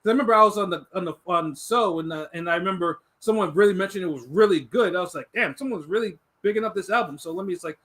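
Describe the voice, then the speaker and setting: Male co-host, high and bright, chatty with stuttering restarts. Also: quick pace, few pauses. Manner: stammering restarts, laughs often. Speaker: podcast co-host. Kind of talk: casual chat.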